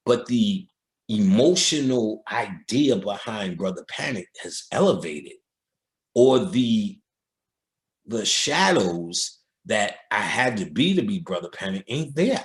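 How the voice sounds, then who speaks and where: A man's voice: on the low side, sing-song, measured pace. A male occult lecturer talking in a casual, streetwise and profane way, telling stories and mimicking other people's voices.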